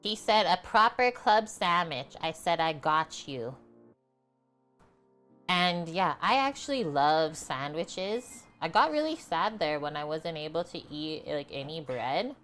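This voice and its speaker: A woman's voice: sits low, lively intonation, unhurried, fairly bright tone, soft background music. A woman hosting a cooking livestream, chatting casually with viewers and laughing easily. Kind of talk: casual chat with stream viewers.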